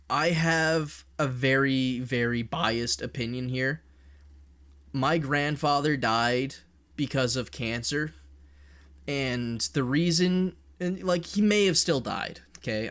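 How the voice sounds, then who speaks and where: A man talking on a casual live stream, blunt and heated, swearing freely as he argues his opinion. His voice sits at an ordinary middle pitch for a man, and his delivery is plain and direct. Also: fairly bright tone. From Canada.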